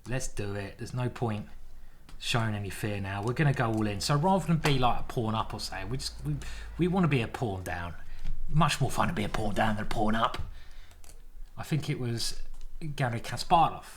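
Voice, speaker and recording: Male chess grandmaster narrating his own games live, excitable, talking through every move. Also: lowish voice, brisk, slight background noise. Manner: excitable, thinking aloud. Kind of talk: live game commentary.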